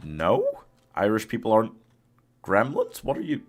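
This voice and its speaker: A man's voice: fairly low pitch, huge pitch swings, normal speed, faint music behind. A man streaming a game live, chatting casually with his chat, laughing often and coaxing his companion along. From United Kingdom.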